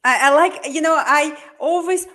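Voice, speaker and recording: A woman with a Russian accent, hosting an interview and asking earnest, halting questions. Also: high voice, a bit bright. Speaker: interview host.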